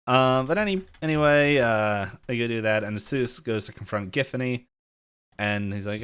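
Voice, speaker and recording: A man's voice: medium pitch, normal speed, a bit bright, clear, resonant tone. A man co-hosting a podcast, casually recapping a cartoon episode in a rambling way and acting out the characters' lines, on a home computer mic. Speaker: podcast co-host.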